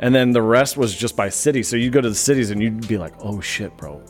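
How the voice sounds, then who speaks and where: A man's voice: mid-range voice, fast talker, soft background music. A man co-hosting a podcast, rambling in crude casual banter and trailing off mid-thought. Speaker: podcast co-host.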